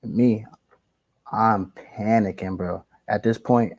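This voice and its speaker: A man's voice: fairly low pitch, normal speed, husky, dry recording, dull audio. A young man, casually telling a slangy, rambling story and correcting himself as he goes. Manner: rambling, slangy, animated retelling with self-corrections.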